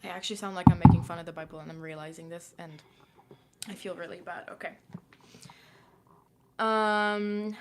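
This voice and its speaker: Young woman, livestreamer, casual and self-aware, lower pitch, reads text aloud between chat. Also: normal speed, a little hiss or hum. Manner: chatty and self-conscious, lots of "like".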